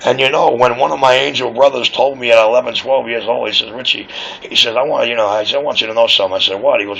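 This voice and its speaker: A radio operator on air chats casually over a radio link, rambling, boasting and swearing freely. His mid-range voice moves at a quick pace with vocal fry and a fairly bright, slightly rough tone, heard through dull lo-fi radio audio.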